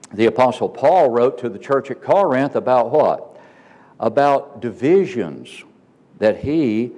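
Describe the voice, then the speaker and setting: A man's voice: lowish voice, dark tone, in a large hall. A man preaching a sermon in a church auditorium, stressing words emphatically and asking rhetorical questions.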